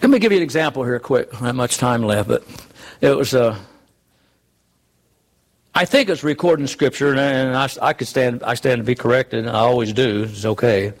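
A man preaching a sermon, earnest and emphatic, driving his points home with rhetorical questions. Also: mid-range voice.

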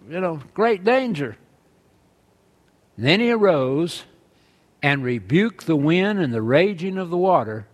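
A man preaching a sermon, earnestly reading scripture aloud and driving his points home with emphasis. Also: on the high side.

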